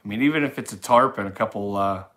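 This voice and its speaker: A man's voice: fairly low pitch, fast talker, fairly bright tone. Easygoing man chatting on a late-night livestream. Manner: rambling, easygoing, reads chat messages aloud. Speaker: livestream host. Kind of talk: casual live-stream chat reading comments.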